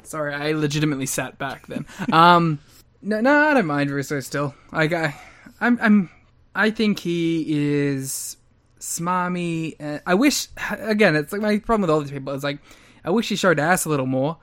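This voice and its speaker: Deadpan, laughing male podcast co-host. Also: a little high, normal speed. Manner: laughs often, teasing and deadpan. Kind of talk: casual podcast banter.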